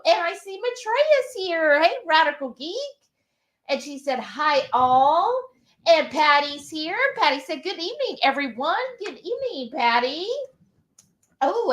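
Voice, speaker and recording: A woman hosting a live cooking stream, chatting casually in an excited, rambling way. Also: high voice.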